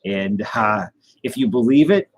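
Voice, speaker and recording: A man telling a tall tale in a rambling, deadpan way, with many fillers and restarts. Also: fairly low pitch, a little slow, rough recording. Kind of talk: casual tall-tale storytelling.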